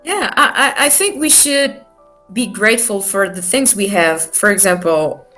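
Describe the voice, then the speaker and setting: Slow, halting woman with music under. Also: medium pitch, lively intonation, bright, forceful tone. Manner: slow, halting, many fillers and restarts. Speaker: guest musician. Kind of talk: casual interview chat.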